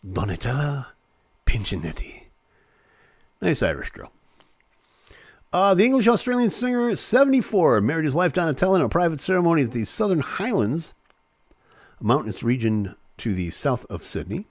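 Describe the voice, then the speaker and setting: Animated joking male live-stream host. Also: fairly high pitch, moderate pace, pauses often, no echo. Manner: jokey, playful asides while reading. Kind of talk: casual live-stream chat reading celebrity news.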